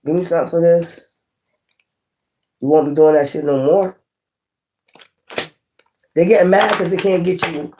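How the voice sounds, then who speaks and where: A woman's voice: on the low side, steady tone, unhurried, long pauses, dark tone. Blunt, passionate woman reading tarot. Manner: blunt, profane, repeats herself emphatically; talks with passion, asks viewers questions. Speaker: tarot reader. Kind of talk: casual tarot reading to camera.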